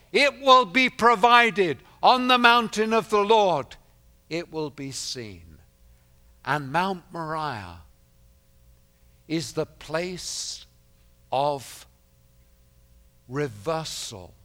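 High, bright-voiced preacher building to loud emphasis. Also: male voice. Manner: swings from quiet to loud and emphatic; repeats phrases for emphasis. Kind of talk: sermon.

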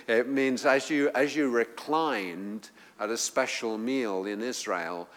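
A man with a lowish, slightly bright voice preaches to a congregation, emphatic and building to fervent appeals. The recording carries long hall reverb.

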